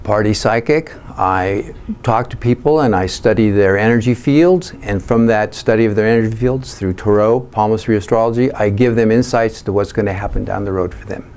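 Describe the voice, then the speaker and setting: A man's voice: lowish voice, moderate pace, a little mellow. A man who works as a party psychic, telling stories in a rambling, anecdotal way with lots of fillers. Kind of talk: storytelling interview answers.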